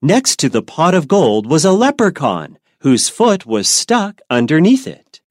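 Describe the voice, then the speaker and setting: Slow sing-song woman reading a storybook. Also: low voice, wildly swooping pitch, a little mellow, dry recording, clean studio sound. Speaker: reader of a graded English reader. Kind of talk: slow, clear reading aloud for learners.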